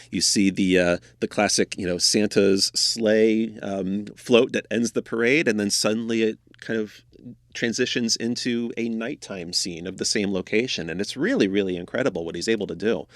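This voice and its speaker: A low-pitched man guest in a radio studio, describing photographs in a measured, explanatory way. He hedges often with "kind of" as he walks the listener through each picture. The sound is dry and close. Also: a bit bright, no room sound. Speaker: museum staff guest. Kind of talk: radio interview.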